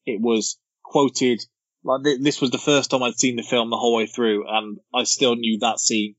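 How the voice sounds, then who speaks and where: A man's voice: mid-range voice, normal speed, no echo. Male co-host, casual chatty film talk; dry, muffled podcast audio. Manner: relaxed, chatty, quotes film lines with amused laughter.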